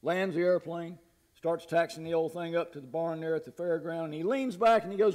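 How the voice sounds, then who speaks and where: Folksy male pastor, fairly high voice, sermon delivery with humor. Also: fairly even intonation, fairly quick, a little mellow. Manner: folksy, laughs at his own jokes.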